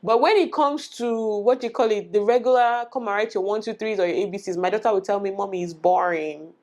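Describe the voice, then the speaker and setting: A woman's voice: a little high, fast talker, darkish tone. A woman in her thirties, a mother, giving earnest, emphatic parenting advice in a casual vlog and repeating herself for stress. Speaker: vlogger and mother.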